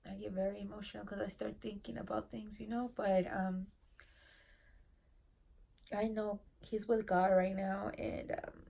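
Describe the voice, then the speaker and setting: A woman in her thirties tells an emotional story in a vlog, near tears, soft-spoken and halting with many fillers. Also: medium pitch, flat delivery, vocal fry, husky. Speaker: family vlogger.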